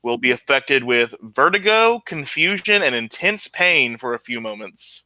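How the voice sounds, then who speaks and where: A man plays in a tabletop game, tossing in quick joking asides. His voice is very bright and forceful, recorded close and completely dry. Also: medium pitch, very animated, dry recording, low-quality recording. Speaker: player. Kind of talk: tabletop role-play.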